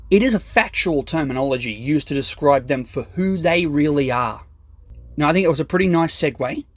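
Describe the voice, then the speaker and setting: A man on a mocking stand-up rant, swearing freely and hammering his points. His voice sits high and swings widely in pitch. The sound is dry and close, with no room echo. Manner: aggressive, profane, mocking. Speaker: stand-up comedian.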